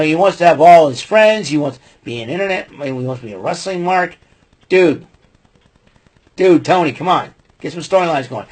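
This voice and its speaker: A man with a husky, breathy voice talks through a wrestling broadcast in casual podcast style. He rambles, piles up fillers and gives his opinions freely. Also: fairly high pitch. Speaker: podcast host. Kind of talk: casual wrestling show recap.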